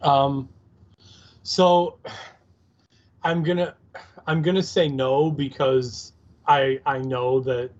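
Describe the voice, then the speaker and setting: A man's voice: medium pitch, fairly even intonation, slow pace, pauses often, darkish tone. A man co-hosting a casual recap podcast, laid-back, agreeing often and cracking crude jokes. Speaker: podcast co-host. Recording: dull lo-fi sound.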